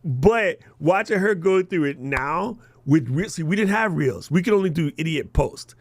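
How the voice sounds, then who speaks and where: Male workshop host, gravelly, fairly high voice, animated and jokey, dry close sound. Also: normal speed, no room sound. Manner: animated, joking, laughs often. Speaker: podcast coaching host. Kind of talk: live workshop chat.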